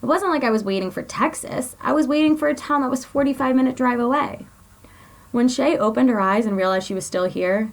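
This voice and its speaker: A woman's voice: mid-range voice, vocal fry. A woman blogger reading her own personal story aloud in an earnest, confessional way.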